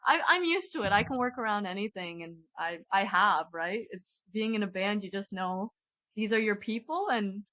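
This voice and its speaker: A woman's voice: medium pitch, animated, moderate pace, pushed and bright, dry recording, low-quality recording. Giggly Canadian woman singer, dry. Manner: giggly, chatty, frequent fillers. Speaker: rock band singer, guest. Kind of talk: casual chat.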